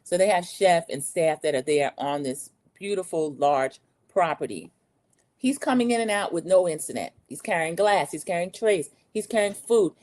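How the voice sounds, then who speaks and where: A middle-aged woman with a somewhat low voice talks through a reality show recap. She is chatty and opinionated, like a host chatting with her regular viewers. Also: moderate pace, darkish tone. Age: Gen X, 40s to 50s. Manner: chatty and opinionated, acts out quotes in a raised voice. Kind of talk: casual opinionated commentary.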